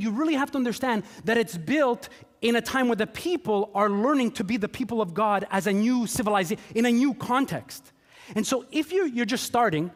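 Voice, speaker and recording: A man preaching a sermon in a chatty, joking way, acting out quotes in playful voices. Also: sits high. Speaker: pastor. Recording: long hall reverb.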